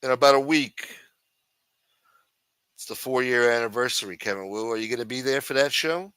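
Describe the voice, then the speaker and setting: A man's voice: mid-range voice, normal speed, fairly bright tone, clear, resonant tone, no room sound. A man hosting a casual livestream show, rambling and teasing with plenty of profanity. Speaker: show host.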